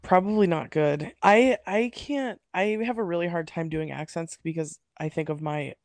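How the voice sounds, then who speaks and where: Lower-voiced woman co-host, relaxed. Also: normal speed, dry recording, clean studio sound. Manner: relaxed listener, short agreeing replies and laughs. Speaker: podcast co-host. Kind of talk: casual podcast chat.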